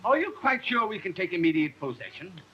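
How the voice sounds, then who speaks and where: A fussy genteel lord. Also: male voice, sits high, big pitch swings, fairly quick, muffled recording, a little hiss or hum. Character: fussy upper-class lord, genial and fussy. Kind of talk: 1930s film comedy acting.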